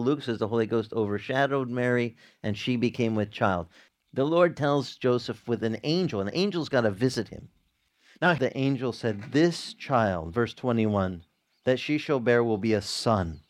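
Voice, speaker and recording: A man delivers a sermon in a relaxed, conversational style, acting out short dialogues with jumps in pitch.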